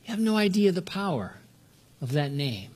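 Earnest older pastor, raised voice. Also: male voice, sing-song, normal speed, darkish tone, slightly rough. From Southern California. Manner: earnest, restarts words, pitch swings up when stressing points. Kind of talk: sermon.

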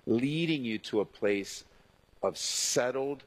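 A middle-aged man, a pastor, preaching a sermon in an animated way, acting out the voices he quotes. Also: medium pitch, takes it slowly, rough recording.

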